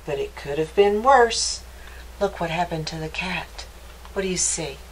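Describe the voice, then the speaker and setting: A woman reading a picture book aloud to children for a library storytime, stopping often to ask them gentle, playful questions. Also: fairly low pitch, expressive, measured pace, a little hiss or hum, rough recording.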